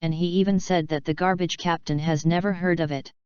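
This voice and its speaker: Smug bully pirate guy mocking everyone, read by a woman, low-ish voice, dull dry lo-fi sound. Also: fairly even intonation, fairly quick, a little mellow, smooth, no echo, lightly acted. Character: boastful bullying male pirate thug.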